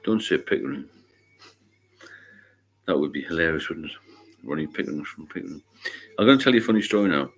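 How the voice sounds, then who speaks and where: A middle-aged man from England chats casually on a livestream in a very low voice. He talks bluntly and swears freely. He drifts into long rambling stories. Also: animated, a little fast, long pauses, a bit bright. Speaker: livestream host.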